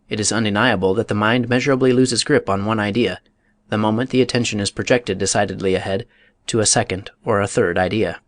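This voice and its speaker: A man narrating a nonfiction book in a measured, deliberate reading style. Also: lowish voice, no room sound. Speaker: audiobook narrator.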